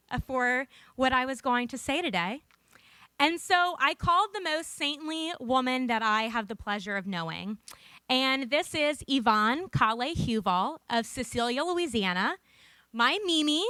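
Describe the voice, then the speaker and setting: A young woman gives a prepared talk into a podium microphone in a conference room, telling a personal story earnestly with light humor. Her voice is high-pitched, pushed and bright, with a clean tone and no room sound.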